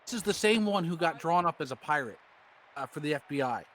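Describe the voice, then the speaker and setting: A man's voice: on the high side, fairly quick. A man co-hosting a game stream, telling a rambling, laughing story and acting out the quotes. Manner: laughing, animated, acts out quotes.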